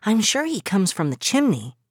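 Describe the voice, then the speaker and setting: A woman voicing a small excitable female mouse in a high, wondering voice. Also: normal speed, husky, no room sound. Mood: amazed.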